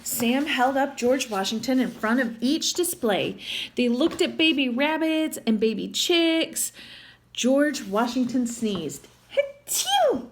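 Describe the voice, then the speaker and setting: Animated woman reading a picture book. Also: sits high, slow pace, a little hiss or hum. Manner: adds chatty asides to the listener. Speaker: storyteller.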